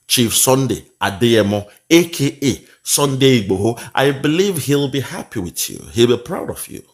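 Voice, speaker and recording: A man's voice: fairly low pitch, fairly bright tone. Mocking Nigerian man commenting on a video. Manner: mocking, preachy, with pidgin asides.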